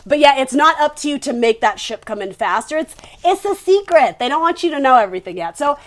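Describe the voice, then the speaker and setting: A woman with a high, light voice gives a casual tarot reading to her viewers. She talks in a chatty, rambling way and often restarts her sentences. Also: expressive, fairly quick. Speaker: tarot reader.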